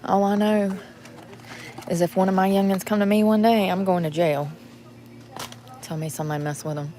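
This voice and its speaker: A woman with a drawl talks straight to her viewers in a loose, rambling vlog. Her pitch sits in an ordinary middle range, and she drifts between blunt remarks and low mutters to herself. She is recording inside a store, with a faint hum of background noise. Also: fairly even intonation, normal speed, mellow. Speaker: vlogger. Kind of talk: casual vlog talking to viewers.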